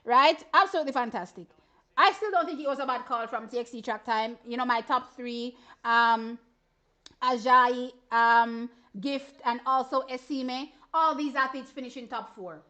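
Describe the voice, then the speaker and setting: A woman with a Jamaican accent hosting an animated live reaction stream about track races, excitable and exclamatory, with chatty asides to her viewers. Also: high-pitched, normal speed, dull audio. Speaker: track and field stream host.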